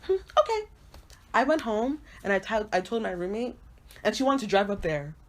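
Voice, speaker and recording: A young woman in her twenties co-hosts a casual podcast. She talks quickly and tells stories with lively acted-out quotes, at an everyday mid-range pitch. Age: 20s. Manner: animated storytelling with acted-out quotes. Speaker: podcast co-host. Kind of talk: casual chat.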